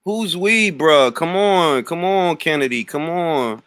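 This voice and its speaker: A man's voice: on the high side, takes it slowly, a bit bright, clear, resonant tone, no room sound, studio quality. A man from Harlem with a New York accent, hosting a livestream and mocking a chat commenter with brash street-slang trash talk. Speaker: livestream host. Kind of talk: taunting livestream rant.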